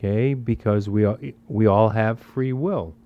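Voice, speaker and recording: A man's voice: on the low side, a little slow, dull audio. A man giving a spiritual talk in a conversational, emphatic way, repeating phrases and asking rhetorical questions. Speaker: spiritual teacher.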